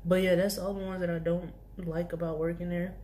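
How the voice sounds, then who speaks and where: A woman's voice: lowish voice, level tone, a little fast, warm tone. A young woman vlogger telling a casual storytime about her job, rambling with many restarts and asides. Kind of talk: storytime vlog.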